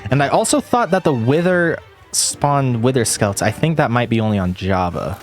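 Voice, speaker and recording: A young man giving excitable let's play commentary, yelping and exclaiming during a boss fight. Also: medium pitch, moderate pace, soft background music. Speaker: gaming YouTuber.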